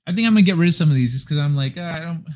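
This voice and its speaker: A man's voice: a little high, expressive, racing, darkish tone. Laid-back man rambling to his viewers. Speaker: livestream host. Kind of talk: casual chat with viewers. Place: living room of his apartment. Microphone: desk microphone.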